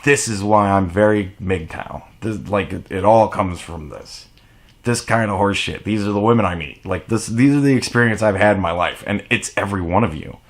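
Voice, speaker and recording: A man's voice: lowish voice, fairly bright tone. A man delivering a blunt, profane, exasperated rant to camera as a vlogger. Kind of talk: ranting monologue to camera.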